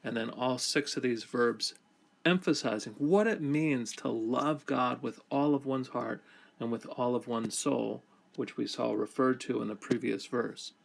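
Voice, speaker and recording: A man teaches Hebrew grammar in a slow, measured scripture lesson, his mid-range voice carrying a gravelly edge. At an unhurried pace, he reads the verse phrase by phrase, then deliberately explains each form.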